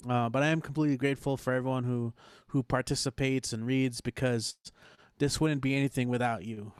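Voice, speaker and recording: Male open mic host, casual and thankful, smooth clear voice, dry close mic. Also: mid-range voice, no room sound. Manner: laid-back, grateful, rambling. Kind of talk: casual closing remarks. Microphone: video call.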